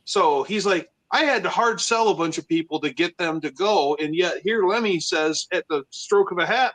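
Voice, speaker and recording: Male stream host, higher voice, loose rambling storyteller. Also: normal speed, few pauses, fairly bright tone. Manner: rambling storyteller, acts out quotes. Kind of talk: casual live-stream chat.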